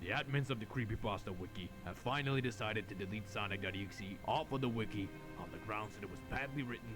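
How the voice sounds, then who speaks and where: A man's voice: fairly low pitch, fast, voice pushed down, close to an everyday voice. A man voicing a furious, grandiose male villain, reading a menacing declaration of war as a theatrical monologue. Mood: grandiose rant. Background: music.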